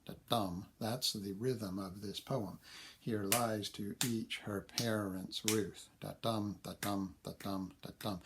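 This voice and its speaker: A man lecturing on poetry, thinking aloud with frequent fillers and self-corrections, and reading verse slowly while tapping out its meter. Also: on the low side, creaky, breathy edge. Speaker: literature lecturer. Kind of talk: recorded lecture.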